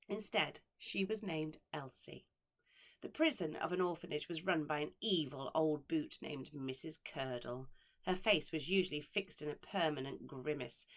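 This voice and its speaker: A woman who teaches primary school, reading a children's story aloud with expressive delivery and dramatic pauses. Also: fairly low pitch. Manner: expressive, dramatic pauses, slows on key words.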